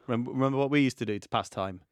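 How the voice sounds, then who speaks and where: Animated man telling a story. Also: mid-range voice, racing, clean tone, dry recording, studio quality. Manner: animated anecdote teller. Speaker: podcast co-host. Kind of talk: casual podcast chat, storytelling.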